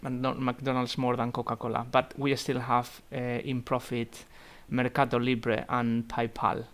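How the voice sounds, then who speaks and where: Young male student leading an online fund meeting; unhurried, hesitant, thinks aloud. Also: mid-range voice, monotone, fairly bright tone. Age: young adult. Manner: halting, thinking aloud with many fillers. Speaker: student investment society organiser. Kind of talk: virtual meeting portfolio review. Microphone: computer mic on a video call.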